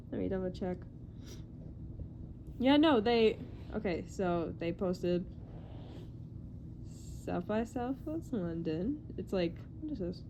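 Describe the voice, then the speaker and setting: A young woman chatting casually in a vlog about movie news, excitable and rambling, often self-deprecating and full of "like". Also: medium pitch, takes it slowly, long pauses, slight background noise.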